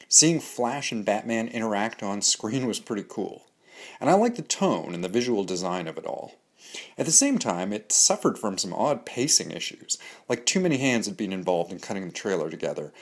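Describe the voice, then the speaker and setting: A man hosting a comics analysis show, giving candid, opinionated reviews in a scripted monologue with dry jokes. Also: lowish voice. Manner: candid, opinionated, dryly joking.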